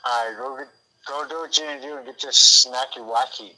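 A man's voice: mid-range voice, fairly even intonation, a little fast, bright, forceful tone, poor audio. A man co-hosting a radio show, teasing his partner. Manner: teasing, laughing. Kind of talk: casual on-air banter.

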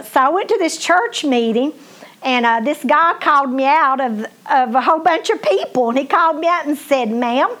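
A middle-aged woman preaches her own testimony in a folksy, emphatic way. Her voice sits high, and she keeps turning to address her listeners directly. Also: a bit bright. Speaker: minister. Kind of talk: testimony sermon.

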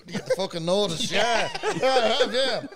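Irish guy spinning a yarn, high voice, swears a lot, people chatting behind. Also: animated, moderate pace, over a noisy crowd. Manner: swearing storyteller, laughs through his own tale. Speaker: podcast co-host. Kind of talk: casual pub-style banter.

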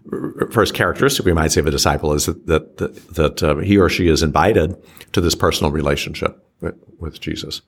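A man speaking as an archbishop in a reflective teaching conversation, slow and measured, often pausing and restarting his sentences. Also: extremely low pitch.

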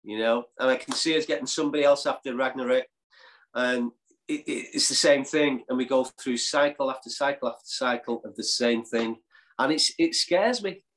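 A man's voice: medium pitch, normal speed, fairly bright tone. Earnest man in a chat. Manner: earnest, stumbling restarts. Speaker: podcast panelist. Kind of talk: casual chat.

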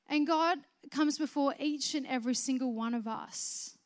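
A woman preaching a sermon, swinging from soft, conversational explanation to loud, emphatic proclamation. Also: sits high, normal speed, hardly any pauses. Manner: conversational, with restarts and filler words.

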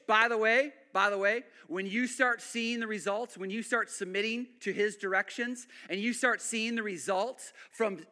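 A male pastor with an extremely high voice delivers a sermon, sinking into hushed lines and then climbing to loud, emphatic build-ups. He repeats phrases to drive his points home.

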